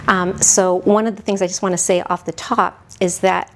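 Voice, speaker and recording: A woman in her sixties, a podcast guest, telling her own story in a halting, heartfelt way that often drops toward a whisper. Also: medium pitch, steady tone, a bit bright, slight background noise. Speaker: podcast guest, mother of the hosts. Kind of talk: reflective personal storytelling.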